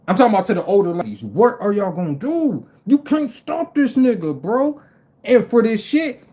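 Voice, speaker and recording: A man in his forties hosting a livestream, telling stories in an animated, profane, incredulous way and acting out other people in quick voices. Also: sits high. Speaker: livestream host. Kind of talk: casual storytelling rant.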